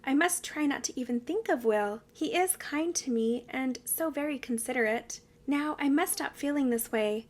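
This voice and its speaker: A woman's voice: high voice, normal speed, hardly any pauses, close to an everyday voice. Woman reading as an earnest young pioneer woman.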